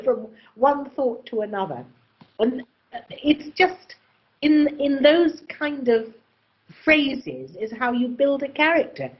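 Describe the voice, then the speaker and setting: A woman from England speaking in an interview, theatrical and expressive, slipping easily into other voices. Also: on the high side, dull audio. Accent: English. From England, born in Oxford. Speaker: actress, festival guest. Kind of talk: conversational interview.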